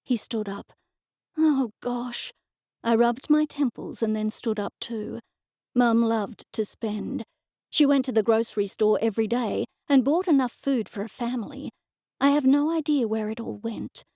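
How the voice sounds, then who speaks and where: A woman narrating an audiobook in the first person with clear, even storytelling, on a close studio mic. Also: fairly high pitch, moderate pace, no room sound.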